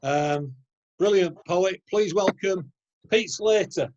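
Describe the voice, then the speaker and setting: A man's voice: high-pitched, slow, darkish tone. A man hosting an open mic over a video call, introducing poets with friendly banter. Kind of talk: casual introductions. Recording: dull lo-fi video call audio.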